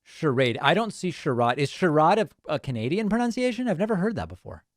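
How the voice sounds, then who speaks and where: Sarcastic animated man in a dry studio. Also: a little high, quick pace, no echo. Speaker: host reacting to a clip. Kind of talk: live commentary on a video clip.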